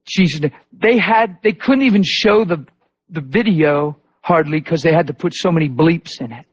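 A male preacher delivering a sermon, telling stories in a lively way and acting out the people he quotes. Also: a little high, normal speed. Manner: animated storytelling with voiced quotes. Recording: dull lo-fi recording.

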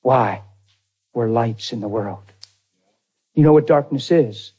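A man's voice: mid-range voice, slow, mellow, slightly rough, lo-fi sound. A man pastor preaching a storytelling sermon in a folksy, conversational way, talking straight to his congregation.

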